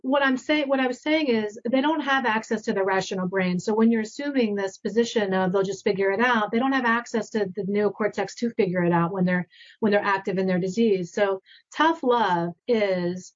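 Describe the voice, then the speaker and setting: A woman's voice: mid-range voice, moderate pace, dull audio. A woman speaking earnestly on a remote panel, stressing and repeating key phrases, over a video call.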